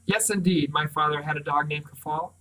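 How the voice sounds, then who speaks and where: Guy reading calm boy, high clear faraway voice, a bit off mic. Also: fairly quick, far from the mic, poor audio. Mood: remote. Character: pale-haired boy, calm and remote.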